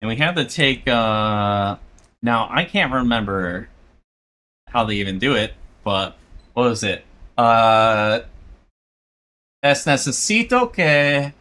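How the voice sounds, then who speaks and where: A South Florida man streams as a VTuber, chatting casually and rambling while he draws, chuckling often and teasing himself. His voice is on the low side, slow, with a sharp tone.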